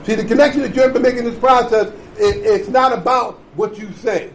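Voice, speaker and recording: A man's voice: very high voice, steady tone, fairly quick, slight background noise, poor audio. A man giving a blunt, emphatic recovery talk, repeating points and checking in with the room. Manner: emphatic, repetitive, blunt with profanity; conversational, checks in with "okay?" and "right?". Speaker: recovery conference speaker.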